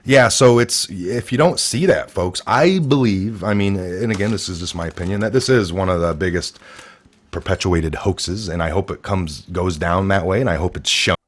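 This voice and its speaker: A man's voice: low-pitched, moderate pace. A man hosting a casual political talk show, rambling with many fillers and restarts and acting out quoted people in a raised voice. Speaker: podcast host.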